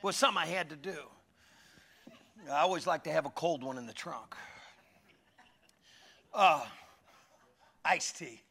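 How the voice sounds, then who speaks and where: High, bright, gravelly-voiced male pastor. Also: unhurried, long pauses. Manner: animated, shifts from loud calls to hushed asides. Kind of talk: conversational sermon with humorous stories.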